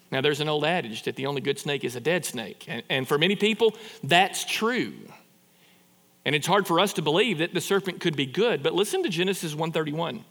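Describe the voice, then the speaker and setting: Brief: male pastor, sermon, lively up-and-down delivery, reverberant hall. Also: a little high. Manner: animated, conversational preaching with rhetorical questions and repeated restarts.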